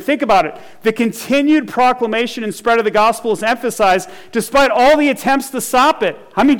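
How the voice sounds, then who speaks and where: A man preaching a sermon as pastor, earnest, reading scripture and explaining it, often restarting phrases and asking "right?". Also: sits high.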